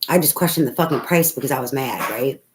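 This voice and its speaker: A woman with a rumbling low voice gives a casual spoken tarot reading at a quick pace. She rambles, swears freely, and laughs a lot, all in a noisy home recording.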